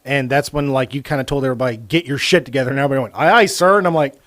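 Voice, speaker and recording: A man's voice: mid-range voice, very fast, no room sound. A man hosting a casual podcast chat, telling stories animatedly with lots of swearing and acting out what people said. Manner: animated, profane, acts out quoted lines. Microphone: studio microphone.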